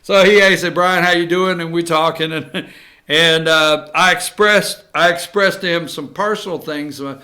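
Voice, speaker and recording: A man hosting a talk show, giving animated, sarcastic commentary with asides to his producer. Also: on the high side, moderate pace. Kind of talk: casual commentary.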